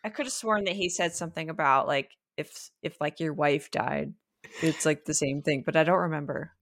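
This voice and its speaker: A woman's voice: low-pitched, moderate pace, gravelly, no echo, studio quality. A woman guest on a comedy podcast, chatting casually, exclaiming and laughing often.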